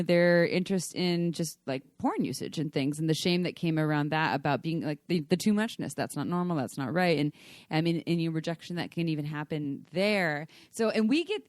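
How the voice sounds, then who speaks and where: A woman's voice: low voice, a little mellow, no echo, studio quality. A woman co-hosting a podcast, chatting casually in an earnest, rambling way. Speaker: podcast co-host. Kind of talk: casual chat.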